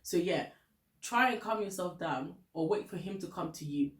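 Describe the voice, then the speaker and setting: Relationship advice comes from a Ghanaian woman vlogger whose lowish voice moves at normal speed in a reverberant room. Her chat is casual and candid, punctuated by frequent laughter, in a Ghanaian English accent.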